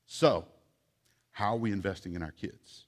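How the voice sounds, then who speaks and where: A man's voice: sits low, normal speed, slight background noise. A man preaching a sermon as pastor in a church, earnest and pleading, often repeating words for emphasis. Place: church sanctuary.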